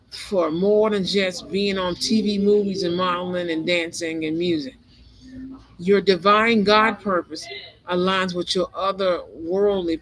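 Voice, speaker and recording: A man's voice: high voice, a bit bright, poor audio. A man giving a spiritual tarot reading monologue, rambling and emphatic, repeating phrases again and again. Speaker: tarot reader.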